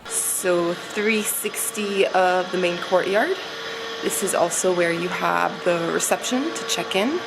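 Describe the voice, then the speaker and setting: A woman's voice: on the low side, takes it slowly. A woman hosting a travel vlog, giving chatty, upbeat narration as she walks through an old mansion hotel. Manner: upbeat, chatty tour guiding. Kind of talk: walking room-tour narration. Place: old haveli hotel, stairs and courtyards. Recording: noticeable background noise.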